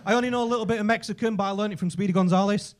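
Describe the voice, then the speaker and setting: An English man doing a stand-up comedy set on a club stage, telling stories full of swearing and shouting out the punchlines. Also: sits high, very fast. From England. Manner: profane, animated storytelling with shouted punchlines.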